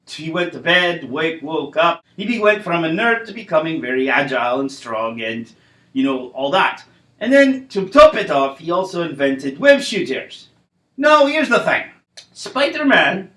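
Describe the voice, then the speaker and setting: A man with a high, bright voice delivers a comedic monologue. He rambles in an animated, playfully mocking way, and his pitch swings widely. The sound rings out in a roomy space. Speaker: comedian vlogger. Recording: roomy echo.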